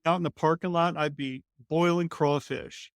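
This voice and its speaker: A man from Colorado, a company CEO, telling a lively story as a guest in an interview and acting out the voices of the people in it. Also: a little high, moderate pace, clear, resonant tone, no echo. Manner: animated, acts out quoted lines in other voices.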